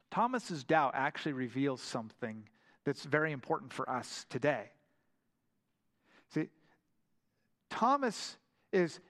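A man preaching a sermon in a lively, storytelling manner, often stumbling over and repeating his words. His voice sits high for a man. It rings out with a long reverb, as in a big church sanctuary. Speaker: pastor.

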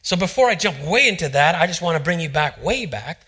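A middle-aged male pastor preaching a sermon, telling a personal story and acting out the quotes in hushed voices. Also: a little high, big pitch swings, fairly quick, breathy edge.

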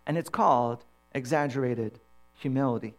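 A man preaching a sermon, telling personal stories in an animated way and acting out the dialogue. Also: medium pitch, moderate pace. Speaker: pastor.

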